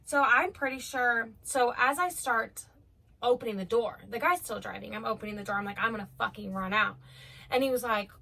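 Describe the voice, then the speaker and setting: A woman's voice: a little high, brisk, gravelly, sharp tone. A young woman from Omaha telling a storytime vlog in a chatty, profane way, with many fillers. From Omaha, United States. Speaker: vlogger.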